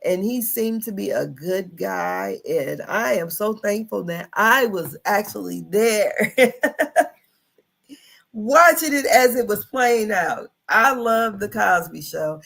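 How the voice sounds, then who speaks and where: Chatty middle-aged woman with a gravelly edge. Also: mid-range voice, expressive, slow pace, fairly bright tone. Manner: chatty, folksy, calls the audience honey. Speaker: livestream host. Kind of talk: casual livestream commentary.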